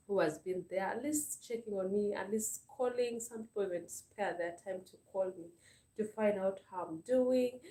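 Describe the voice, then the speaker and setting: A mellow, medium-pitched female voice with a Ugandan English accent moves at a measured pace as she hosts a live stream. She comes across as sincere and appreciative, repeating words and filling gaps with fillers. She's far from the mic in a roomy-sounding space, a little off-mic.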